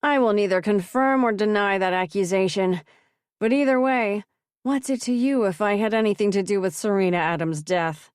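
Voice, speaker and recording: A woman doing a calm, deadpan sarcastic man. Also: medium pitch, moderate pace, clean tone, no room sound, studio quality, natural voice. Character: composed man, coolly sarcastic.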